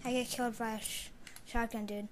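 Excitable gamer woman muttering live commentary. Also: brisk, a little hiss or hum. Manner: mostly muttered low, with sudden loud exclamations. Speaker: gamer streaming live play.

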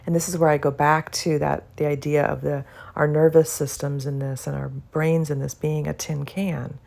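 Low gravelly-voiced woman explaining gently. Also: level tone, normal speed. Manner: earnest, reassuring, often checks in with "okay?" and "right?". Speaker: psychologist educating about benzodiazepine withdrawal. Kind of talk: educational audio talk.

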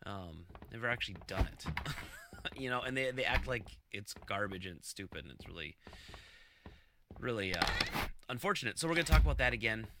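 A man's voice: lowish voice, animated, a little fast, pauses often. A man hosting a casual live-streamed podcast, rambling with lots of fillers and chuckling asides. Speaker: podcast host. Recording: loud clicking noise behind the voice.

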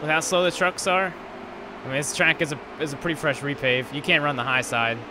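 Speaking a little fast with fairly even intonation, this gaming host has a fairly high voice. His live racing-game commentary becomes an irritated, foul-mouthed rant, with engine noise from the game underneath.

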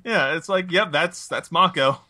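A man's voice: on the high side, measured pace, sharp tone, no echo, studio quality. A young man co-hosting a podcast in casual chat, musing aloud, laughing easily and correcting himself mid-thought. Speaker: podcast co-host.

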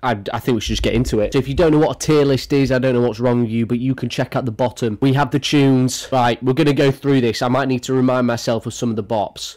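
A man in his twenties chatting casually and excitedly as a YouTuber ranking songs, crude and jokey, swearing freely. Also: mid-range voice, quick pace, few pauses. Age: 20s. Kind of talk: casual tier-list commentary.

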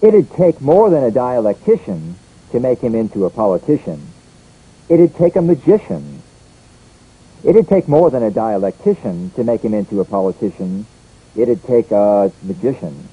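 A man's voice: mid-range voice, normal speed, breathy edge, phone-quality sound. A man leading a scripted English pronunciation drill, saying each word and sentence twice. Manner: lively, repeats each word and line twice.

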